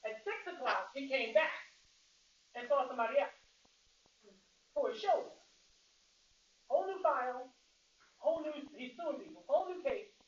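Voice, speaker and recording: A woman's voice: sits high, moderate pace, pauses often. Candid middle-aged woman lecturing from afar. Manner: candid, lively storyteller, casual. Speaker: physical therapy instructor. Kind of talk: lecture with personal storytelling. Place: classroom. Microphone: far room mic. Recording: distant, roomy, muffled with hiss.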